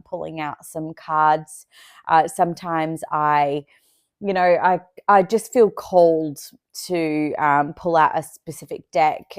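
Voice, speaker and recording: A woman's voice: on the low side, no echo, studio quality. A woman chatting casually to camera about her oracle card reading, with lots of hesitant fillers and restarts. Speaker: spiritual vlogger reading oracle cards.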